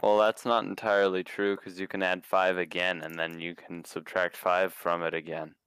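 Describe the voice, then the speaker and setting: A man's voice: low voice, level tone, moderate pace, fairly bright tone, clear, resonant tone, dry recording. A man co-hosting a casual podcast, playfully telling silly riddles and laughing at his own jokes. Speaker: podcast co-host. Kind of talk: casual chat, joking riddles.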